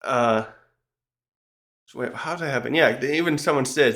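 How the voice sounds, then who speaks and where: A man's voice: medium pitch, normal speed, a bit bright. A man casually recapping a manga chapter in a rambling, chatty way, with frequent restarts and small laughs.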